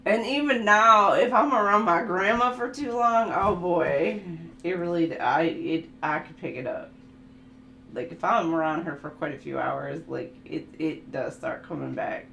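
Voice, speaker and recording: A woman's voice: lowish voice, unhurried, creaky, sharp tone. A woman tarot reader in casual chat, laughing often and telling stories with animation. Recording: echoey room.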